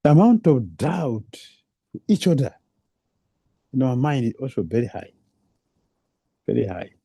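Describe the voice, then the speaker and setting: A man's voice: mid-range voice, sing-song, measured pace, gravelly, warm tone, slightly rough, no room sound. A man giving a devotional lecture, repeating phrases for emphasis and asking rhetorical questions, in non-native English phrasing. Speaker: preacher.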